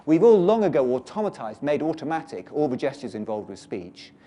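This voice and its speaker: A man's voice: mid-range voice, very animated, brisk, mellow, slight background noise. A British man giving a workshop lecture to teachers, explaining and leading the audience through exercises. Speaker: teacher trainer.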